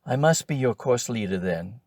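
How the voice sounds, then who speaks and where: A man voicing a brisk, bossy female course leader in a storybook reading, curt and scolding. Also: mid-range voice, lively intonation, a little mellow, no room sound, studio quality.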